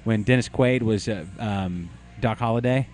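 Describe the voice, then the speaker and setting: A man co-hosting a beer show, telling a rambling story in casual chat, with many halting restarts. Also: on the low side, darkish tone, soft background music. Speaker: podcast co-host.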